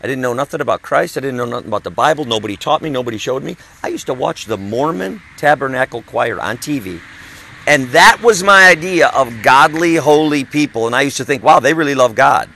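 A man's voice: mid-range voice, animated, fairly quick, vocal fry, pushed and bright, a little hiss or hum, poor audio. A man in his fifties, a traveling evangelist, preaching emphatically in conversation and repeating his phrases. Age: 50s.

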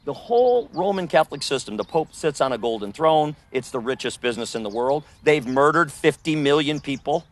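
A man preaching on the street, rebuking and arguing with a listener, his voice swinging between loud accusations and low, hushed asides. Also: lively intonation, a little fast, few pauses.

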